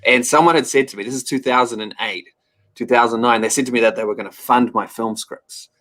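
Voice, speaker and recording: A man's voice: medium pitch, fairly even intonation, brisk, fairly bright tone. A man in his thirties with a New Zealand accent, chatting as an upbeat, joking guest on an interview show. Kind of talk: casual interview chat.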